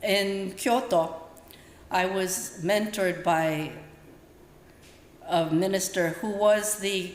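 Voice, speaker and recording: A woman's voice: medium pitch, a little hiss or hum. Older woman telling a story in a temple hall. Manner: storytelling, acts out voices in quotes. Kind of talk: dharma talk with personal stories. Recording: roomy hall echo, faint ambience.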